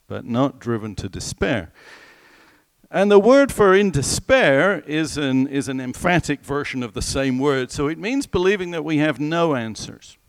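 A man preaching a sermon in a conversational, animated way, asking the listeners questions and slowing down for scripture. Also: medium pitch, clean tone, no echo. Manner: slows right down when quoting scripture.

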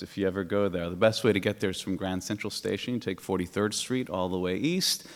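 A middle-aged male pastor giving a sermon, telling stories with animated, acted-out exclamations. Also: fairly low pitch. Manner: animated storytelling, acting out exclamations. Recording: long hall reverb.

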